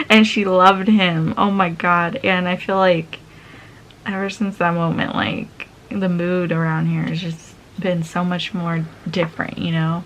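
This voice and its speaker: A woman's voice: mid-range voice, fairly even intonation, slow pace, fairly bright tone, rough recording. Chatty young woman vlogging. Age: 20s. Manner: chatty, laughs often, acts out quoted voices. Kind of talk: casual get-ready-with-me storytelling. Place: at home, indoors.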